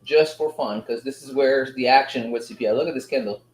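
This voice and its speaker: A man hosting a live forex trading stream, chatting casually and excitedly to viewers in slangy talk. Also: medium pitch, fast talker. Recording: roomy echo.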